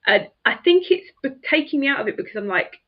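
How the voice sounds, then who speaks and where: A woman's voice: high-pitched, animated, fast, lo-fi sound. A woman chatting casually about books, rambling and poking fun at herself. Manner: rambling, self-mocking, laughs often. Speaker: book streamer. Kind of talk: casual chat.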